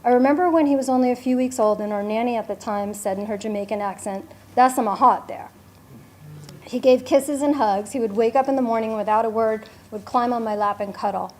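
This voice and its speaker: A woman's voice: on the high side, fast, few pauses, dark tone. A woman in her forties, a mother reading a prepared, heartfelt speech at her son's bar mitzvah.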